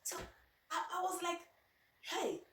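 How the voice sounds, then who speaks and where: A woman's voice: a little high, animated, far from the mic. Luo-accented woman in an echoey room. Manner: chatty storytelling, halting with restarts. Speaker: vlogger. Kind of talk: casual vlog monologue.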